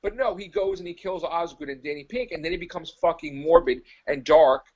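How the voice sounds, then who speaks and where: A man's voice: a little high, a little fast, a little mellow, highs cut off. A man co-hosting a podcast, ranting in casual chat, profane, exasperated and mocking. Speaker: podcast co-host.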